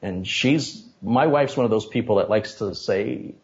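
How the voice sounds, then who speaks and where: A man with a low-pitched voice recounts a story as an interview guest. He is animated and indignant. The recording sounds dull and lo-fi. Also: a little slow. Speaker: interview guest, tech streamer. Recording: dull lo-fi audio.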